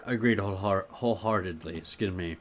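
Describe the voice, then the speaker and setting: A man's voice: low-pitched, a little fast. A man co-hosting a casual podcast, talking in a laid-back, agreeable way with sarcastic asides. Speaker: podcast co-host. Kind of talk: casual chat.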